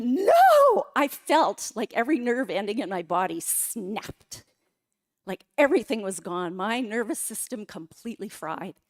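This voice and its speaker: A middle-aged woman giving a personal testimony talk in a church, telling her story dramatically and with feeling. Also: on the high side. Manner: emotional, dramatic storytelling with quoted outbursts. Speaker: guest speaker. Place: church sanctuary.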